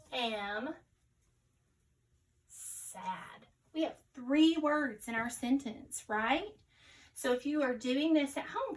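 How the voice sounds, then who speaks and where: A woman with a high voice teaches young children an early-reader phonics lesson, patiently sounding out each letter and cheerfully encouraging her viewers as friends. She is far from the mic and the audio is poor.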